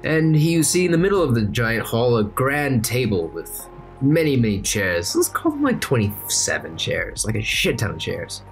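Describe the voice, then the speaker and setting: A man's voice: medium pitch, moderate pace, soft background music. A man narrating a tabletop game as game master, playful and joking. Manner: playful, deadpan jokes.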